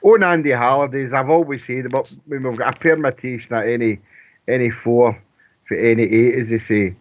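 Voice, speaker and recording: A man's voice: medium pitch, steady tone. A Scottish man chatting casually about football on a radio phone-in, rambling and restarting his sentences. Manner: rambling, halting with many restarts. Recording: tinny phone line.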